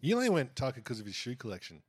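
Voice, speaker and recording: Fast-talking, teasing man. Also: medium pitch, wildly swooping pitch, husky, no room sound. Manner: quick, teasing, dry. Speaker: podcast co-host. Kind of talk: casual basketball podcast chat.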